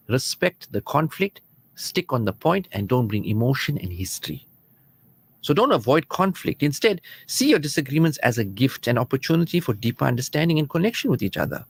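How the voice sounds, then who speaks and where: A man's voice: medium pitch, sing-song, fairly quick, husky. A man giving earnest, conversational marriage advice as a counselor on a radio programme in a studio. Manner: earnest and conversational, acts out quoted spouses.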